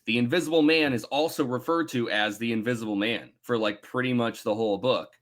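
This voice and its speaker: Thirties guy cohosting a book podcast, lively and sweary, pokes fun at himself, middle pitched voice. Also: brisk. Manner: animated, swears freely, self-mocking. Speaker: podcast co-host. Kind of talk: casual book club chat.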